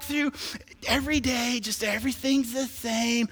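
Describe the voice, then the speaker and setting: High bright-voiced preacher guy, fired up and jokey, long church echo. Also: normal speed. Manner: animated, swinging from quiet asides to shouted exhortation; joking, playful. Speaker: pastor. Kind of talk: sermon.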